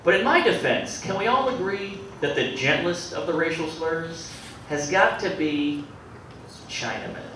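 Male stand-up comic, deadpan and self-deprecating, lively pitch, recorded from far off in an echoey club with loud crowd noise. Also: unhurried. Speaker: stand-up comedian. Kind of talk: stand-up comedy set. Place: comedy club with live audience.

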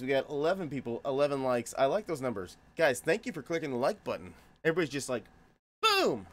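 Goofy, lively male game streamer. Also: mid-range voice. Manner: goofy, jokey, greets chatters by name. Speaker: game streamer chatting with viewers. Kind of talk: live stream chat.

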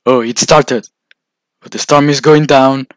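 A man in an in-character vlog over gameplay, playing a house owner and breaking into frightened, excited exclamations with stammered repeats. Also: medium pitch, slow, no room sound.

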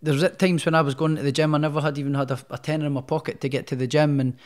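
A man's voice: a little high, level tone, very fast. A man, a boxer, telling his story as a podcast guest in a chatty, rambling way. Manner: chatty, rambling, many restarts. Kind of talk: casual storytelling in a podcast interview.

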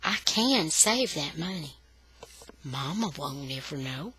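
Unhurried, expressive woman storyteller. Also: low voice, slightly rough, rough recording. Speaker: storybook reader. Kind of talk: reading a children's novel aloud.

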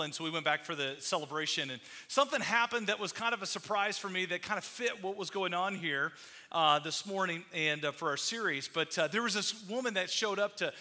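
Middle-aged male pastor, high ringing voice, chatty sermon storytelling. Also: sharp tone. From Iowa. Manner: storytelling with quoted voices, many fillers. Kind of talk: conversational sermon. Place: church sanctuary.

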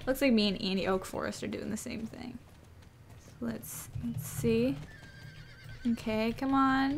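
Une jeune femme qui commente sa partie de jeu vidéo avec enthousiasme et s'extasie devant des animaux mignons. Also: female voice, on the high side, normal speed, vocal fry, pauses often, a little hiss or hum. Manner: gushing, squealing over cute animals. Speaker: gaming YouTuber. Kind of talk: excited gameplay commentary.

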